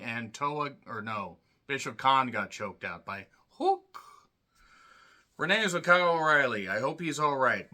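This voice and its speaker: A man giving a blunt, profane solo review of a wrestling show, ranting and clearing his throat often. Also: mid-range voice, bright, forceful tone.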